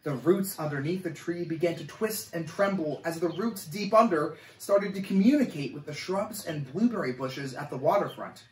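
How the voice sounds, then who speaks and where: A man reading a chapter of a children's story aloud, with an animated, expressive delivery. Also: a little high, normal speed, hardly any pauses, distant mic. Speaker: camp coordinator reading a story. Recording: echoey room, voice off-mic.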